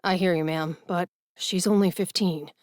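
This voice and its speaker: Woman doing calm school director, measured, placating, a little low. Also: no echo, clean studio sound, natural voice.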